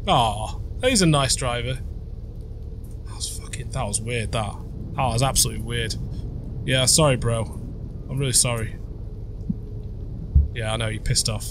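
A man's voice: medium pitch, moderate pace, pauses often. Young man, horror let's-play host, jumpy and sweary, faint hiss behind. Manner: jumpy, swearing, muttering reactions. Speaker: gaming YouTuber.

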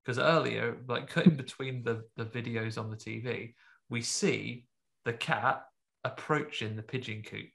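Gravelly-voiced man chatting films. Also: medium pitch, measured pace, a bit bright. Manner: rambling, filler-heavy, jokey. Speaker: podcast host. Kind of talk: casual film review chat.

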